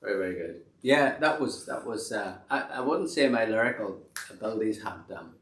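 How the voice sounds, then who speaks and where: A man's voice: fairly low pitch, expressive, a little fast, heavy background noise. A man hosting a casual live-stream chat, rambling and self-deprecating with many restarts. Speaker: host and band member. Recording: echoey room.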